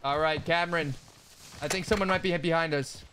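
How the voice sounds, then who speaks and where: A man streaming a shooter game, giving loud, rapid callouts to his teammates and often shouting. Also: fairly high pitch, steady tone. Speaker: gaming streamer. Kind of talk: excited gameplay commentary. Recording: gameplay noise under voice. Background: game sounds and clicks.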